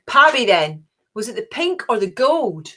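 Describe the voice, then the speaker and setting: A woman's voice: on the high side, very animated, measured pace, pushed and bright. A middle-aged woman hosting an online quiz, chatty and cheerful, gushing with little oohs. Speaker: quiz host.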